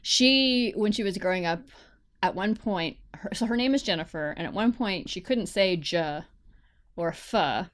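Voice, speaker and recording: Relaxed woman podcast host. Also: medium pitch, a little slow. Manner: relaxed, chimes in with short comments and quips. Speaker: podcast host interviewing a guest. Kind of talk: casual podcast chat.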